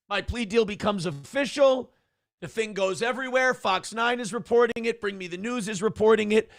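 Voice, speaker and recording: A man's voice: high voice, moderate pace, gravelly, dry recording, studio quality. A man talking in a boastful monologue, taunting and repeating the same phrases over and over.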